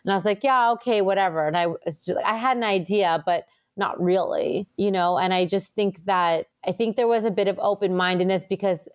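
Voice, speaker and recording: A woman acupuncturist chatting casually as an interview guest, telling stories in a lively way with lots of fillers. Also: medium pitch, brisk, hardly any pauses, clean tone. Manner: chatty, animated storytelling with many fillers.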